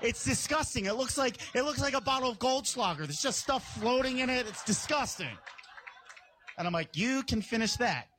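A man doing a stand-up routine, telling a story in an animated way and jumping into squeaky voices for the people he quotes. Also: moderate pace, slight background noise. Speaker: stand-up comedian.

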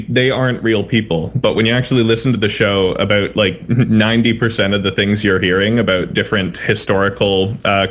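A man's voice: on the low side, fairly bright tone, slight background noise. A young man, an actor, chatting casually as an interview guest and laughing easily.

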